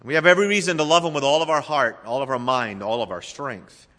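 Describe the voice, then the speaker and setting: A man preaching a sermon as pastor, folksy and emphatic, speeding up and slowing down for effect. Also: medium pitch, bright, forceful tone, big-room sound.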